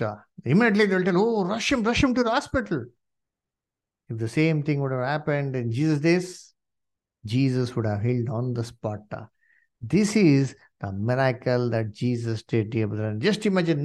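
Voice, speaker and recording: Animated preacher, lively pitch. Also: male voice. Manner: animated, rhetorical questions, frequent "you see" and "uh". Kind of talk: sermon.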